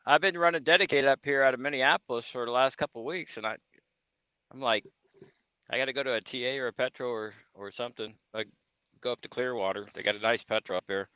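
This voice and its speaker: A man's voice: mid-range voice, quick pace, bright, forceful tone, clean tone, dry recording. A man from Indiana, a guest trucker on a casual livestream, rambling and laughing through banter, on dull stream audio.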